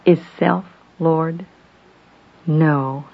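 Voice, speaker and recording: A woman giving a devotional sermon to a women's Bible study, solemn and emphatic, asking rhetorical questions and slowing down for repeated refrains. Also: low-pitched, steady tone, vocal fry, husky. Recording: dull lo-fi recording.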